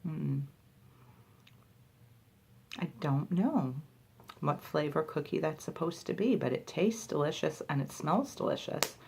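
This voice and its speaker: A woman's voice: deep voice, measured pace, vocal fry, pauses often, a little mellow, breathy edge. A woman talking casually in a product review vlog, chatty and full of filler words.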